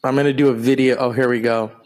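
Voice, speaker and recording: A man's voice: mid-range voice, level tone, fast talker. A man hosting a podcast, mocking a TV broadcast in a crude, sarcastic running commentary with exaggerated gasps. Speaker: podcast host.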